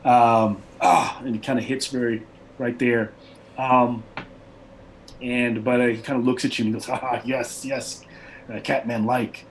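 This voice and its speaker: A man's voice: medium pitch, little pitch movement, normal speed, slight background noise, poor audio. A man narrating a tabletop game as game master, with a rambling, loose delivery. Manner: rambling, many fillers and restarts.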